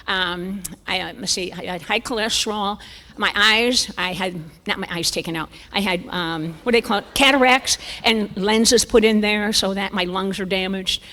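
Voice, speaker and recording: A woman in her seventies giving a conference talk, a lively, self-mocking storyteller. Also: medium pitch, normal speed. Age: 70s. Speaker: conference speaker. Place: church sanctuary. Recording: reverberant church hall.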